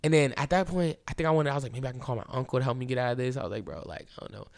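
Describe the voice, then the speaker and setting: A young man hosting a podcast, telling a story in a casual, animated way and filling it with "bro" and "like.". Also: mid-range voice, rapid-fire. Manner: animated, keeps saying "bro" and "like"; acts out quoted lines, drops to a hushed voice at times. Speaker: podcast host.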